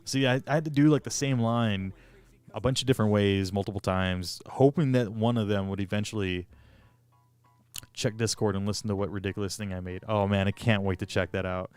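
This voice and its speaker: A man's voice: fairly low pitch, steady tone, brisk, darkish tone, smooth, dry recording. A man chatting casually on a live stream, rambling and self-deprecating with lots of fillers, greeting viewers as he goes. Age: adult. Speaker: streamer and hobby modder.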